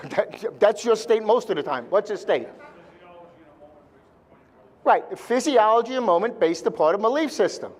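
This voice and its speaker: A man's voice: high-pitched, expressive, moderate pace, long pauses. A man speaking live to a seminar audience, blunt and joking, with mild swearing.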